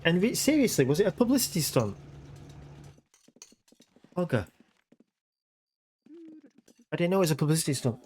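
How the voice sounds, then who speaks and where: A man's voice: a little high, very animated, rapid-fire, hardly any pauses, darkish tone, a little hiss or hum. A man streaming a life-sim game, chatting casually with viewers in a rambling way and ending many sentences with a questioning tag. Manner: rambling, keeps tagging "yeah?" onto sentences. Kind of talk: casual chat with viewers while playing.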